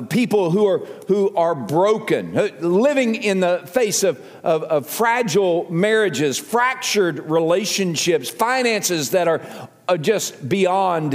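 Older southern preacher guy, voice swoops up and down a lot, earnest, big echoey church hall. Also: on the high side. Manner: earnest, repeats phrases, rises to emphatic appeals. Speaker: pastor. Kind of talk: sermon. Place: church sanctuary.

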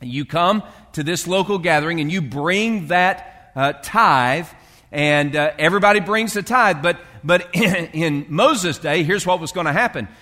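A man's voice: fairly high pitch, unhurried, bright, forceful tone, long reverb tail. A male pastor preaching a sermon in a loose, conversational way, with fillers and restarts as he reads and explains scripture.

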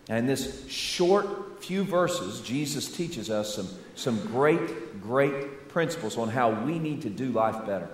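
A Southern American pastor preaching a folksy, animated sermon full of rhetorical questions. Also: male voice, mid-range voice, takes it slowly, a little hiss or hum. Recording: echoey church hall.

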